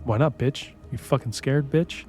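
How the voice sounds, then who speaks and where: A man's voice: medium pitch, normal speed, mellow, faint music behind, natural voice. A man voicing a fierce, catty young wife who taunts and curses at her rival. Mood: taunting. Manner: cursing, taunting, confrontational.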